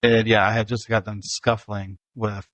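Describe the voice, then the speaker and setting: Low-voiced dad telling stories. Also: male voice, flat delivery, moderate pace, fairly bright tone, no echo. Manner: storytelling, laughs easily. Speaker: host, father. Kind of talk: casual family podcast chat.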